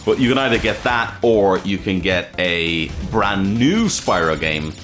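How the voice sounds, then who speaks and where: A man's voice: low voice, expressive, measured pace, a bit bright, faint music behind. A man hosting a let's play, chatting casually and swearing freely while he plays. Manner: rambling, swears freely, self-correcting. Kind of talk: casual gameplay commentary.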